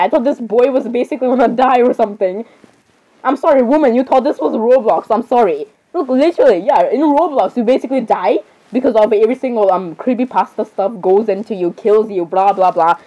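A woman's voice: on the high side, warm tone, highs cut off. A woman giving casual reaction commentary on videos, giggly and constantly saying sorry.

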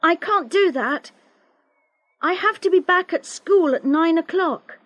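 A woman reading the lines of a quiet, serious schoolboy in a storybook, soft and guarded. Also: extremely high pitch, lively intonation, a little slow, no room sound, pitched above the performer's own voice, full character voice. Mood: afraid.

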